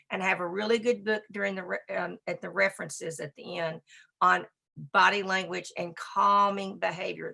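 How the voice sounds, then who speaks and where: Gravelly, bright-toned woman lecturing. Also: on the low side. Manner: brisk, emphatic, conversational; talks to a slide assistant. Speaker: dog behavior speaker. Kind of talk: presentation lecture.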